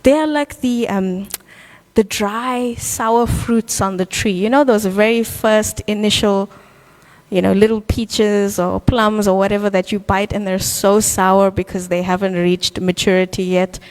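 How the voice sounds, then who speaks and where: A woman voicing a calm, all-powerful male deity who explains patiently. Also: mid-range voice, unhurried, long reverb tail, natural voice.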